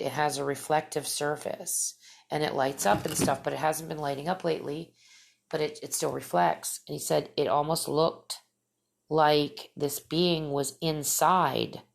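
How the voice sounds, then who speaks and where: A middle-aged woman with a low, gravelly voice, chatting through a personal story as a podcast host. She rambles, doubles back and fills her pauses with little fillers. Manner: rambling, many fillers and restarts.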